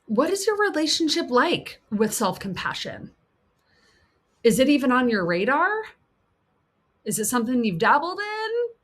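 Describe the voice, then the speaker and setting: A woman coach giving an earnest teaching talk. She repeats key points for emphasis, voices the harsh inner critic, and slips into a soft, soothing tone. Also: sits high, sing-song, unhurried, pauses often. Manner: soft, soothing tone for self-kindness.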